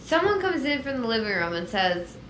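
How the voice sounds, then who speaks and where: A tipsy woman retelling a story in an animated, rambling comedic way. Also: on the high side, fairly quick, slight background noise. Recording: echoey room with music.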